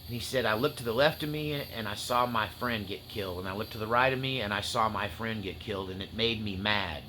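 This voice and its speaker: A man preaches spiritual warfare in a bright, forceful voice, building to fierce, tearful passion and easing into folksy jokes. A faint hiss of noise sits under the recording. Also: on the low side, brisk. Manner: impassioned, rising to near-shouts and tearful intensity, then joking asides. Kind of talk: fiery spiritual-warfare teaching.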